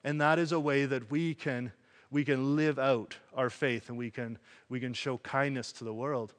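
A man preaching a sermon in an animated way, acting out voices as he tells a story. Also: mid-range voice, normal speed, long reverb tail. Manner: animated, acts out quoted voices.

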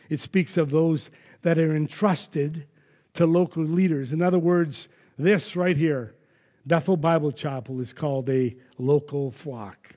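A man's voice: on the high side, darkish tone, in a large hall. A man preaching a sermon as pastor, earnest and emphatic. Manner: earnest, emphatic, with some restarts. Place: church.

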